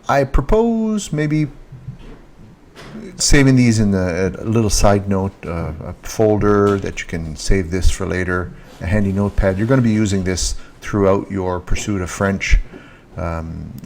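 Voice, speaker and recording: A French teacher gives a casual online language lesson, speaking slowly and repeating each French word with rising emphasis. His voice is low-pitched and a little mellow. He's recorded on a handheld mic with an earphone monitor.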